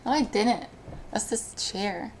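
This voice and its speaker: A woman talking on a live stream in casual chat, speaking emotionally, with halting restarts. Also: medium pitch, slight background noise.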